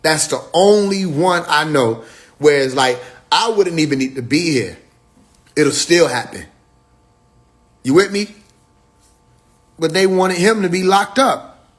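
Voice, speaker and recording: A high-pitched man talks into his livestream. He preaches loose and emphatic, with plenty of profane slang. He rushes through some lines and stretches others out slowly. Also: expressive. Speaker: livestream host. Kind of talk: casual livestream monologue.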